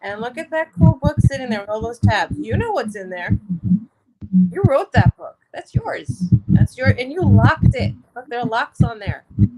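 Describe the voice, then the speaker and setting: A woman's voice: a little high, big pitch swings, normal speed. A woman doing a casual card reading, talking in a chatty, encouraging way and laughing often. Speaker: card reader. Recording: loud background noise.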